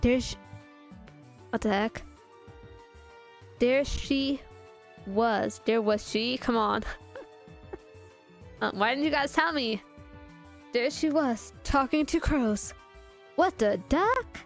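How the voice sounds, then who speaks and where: A woman's voice: fairly high pitch, slow pace, pauses often. A young woman reading fanfiction aloud in a playful, giggly way, stopping to react to her own story. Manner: playful, giggly, breaks off to comment. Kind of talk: casual dramatic reading of fanfiction. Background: faint music.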